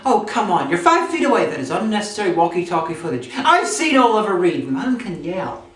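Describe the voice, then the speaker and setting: A woman's voice: lowish voice, very animated, fairly quick, echoey room, distant mic, a little hiss or hum. Sarcastic woman film reviewer. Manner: sarcastic, mocking asides. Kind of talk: sardonic comedy review narration.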